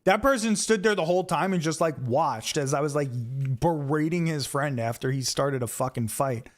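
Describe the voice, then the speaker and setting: A young New man chats with his stream audience while he plays. His voice sits a little high, and his storytelling runs loose and profane. It climbs in energy whenever he acts out an argument. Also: moderate pace. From New York. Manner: animated, profane, gets loud when retelling confrontations. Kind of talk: casual storytelling to live chat.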